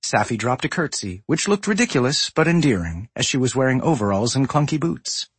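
Male audiobook narrator, lively expressive pitch, husky breathy tone, dry close sound. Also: brisk, no echo. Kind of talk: scripted narration.

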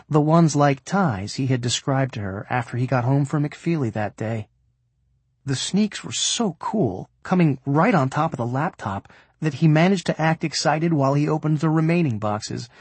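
A man narrating an audiobook in an expressive way, voicing the characters as he reads. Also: medium pitch, slightly rough, dry recording.

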